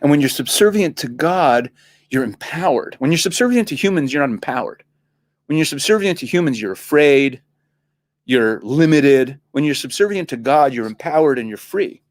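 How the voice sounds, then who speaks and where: A man with a fairly high voice, a rabbi guesting on a studio talk show. He talks in an animated way, laughs often and restarts his sentences, repeating words as he builds his point. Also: moderate pace. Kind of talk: casual talk-show conversation.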